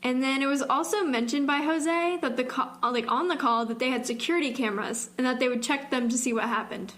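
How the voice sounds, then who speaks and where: A woman's voice: high voice, a little fast, fairly bright tone. A young woman co-hosting a podcast, chatting casually about a true-crime case and filling her speech with "like". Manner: rambling, fills speech with "like". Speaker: podcast co-host.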